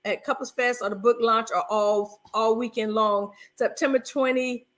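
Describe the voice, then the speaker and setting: This is a woman with a Southern US accent, from North Carolina, co-hosting a marriage talk stream. She is chatty and laughs easily, her voice sitting high, and she keeps calling the audience y'all. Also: steady tone, normal speed, fairly bright tone. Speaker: co-host of a marriage talk show. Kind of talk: casual livestream chat.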